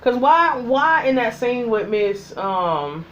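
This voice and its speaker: A vlogger in a profane, angry rant, sounding heated and exasperated and talking straight at the people being ranted about. The voice swings between loud outbursts and low, muttered asides. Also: sing-song, takes it slowly, a little hiss or hum. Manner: heated and exasperated, heavy swearing, talks straight at the absent characters. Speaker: vlogger reviewing a TV series.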